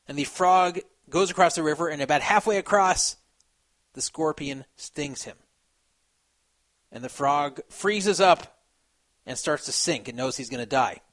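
A man giving casual commentary on social media posts, animated and laughing at his own remarks. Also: measured pace, long pauses. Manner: animated, acts out quoted voices with sudden pitch jumps. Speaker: poker commentator.

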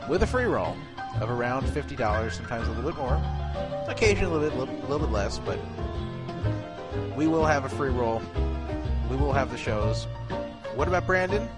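Male host, casual and rambling, mid-pitched voice, music underneath. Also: lively intonation, a little fast, long pauses. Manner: rambling, self-correcting. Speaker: host of an online radio show. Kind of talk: casual chat.

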